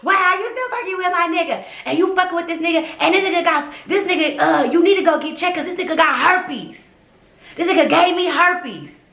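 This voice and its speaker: A woman acting out a young jealous girlfriend who shouts threats. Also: very high voice, fairly quick, reverberant. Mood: furious.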